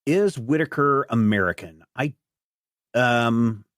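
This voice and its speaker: A man narrating as game master of a tabletop game, rambling with many pauses and fillers. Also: mid-range voice, animated, fairly bright tone, no echo, studio quality. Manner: rambling, many "uh"s and restarts while describing.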